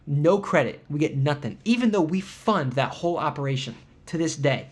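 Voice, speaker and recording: A man's voice: a little high, expressive, moderate pace, husky. A man hosting a podcast, telling an indignant travel story in casual chat with sarcastic asides. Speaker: podcast host.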